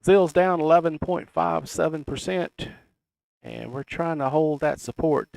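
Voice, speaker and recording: Middle-aged Southern man, folksy market commentator, gravelly voice. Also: on the high side, steady tone, measured pace, darkish tone, no echo. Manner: folksy, reads price levels aloud. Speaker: crypto chart analyst. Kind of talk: casual chart commentary.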